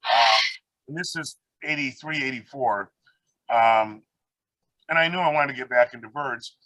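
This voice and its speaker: A man's voice: medium pitch, a little slow, sharp tone, lo-fi sound. A man on a video call telling long rambling stories about his life and his birds, acting out the people he quotes. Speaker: guest speaker, parrot rescue founder. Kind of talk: casual storytelling on a video call.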